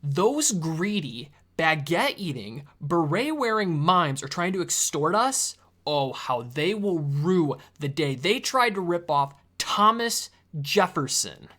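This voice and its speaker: A man playing an excitable, indignant early American president in a comedy sketch, given to theatrical rants. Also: a little high, slow pace, hardly any pauses, full character voice.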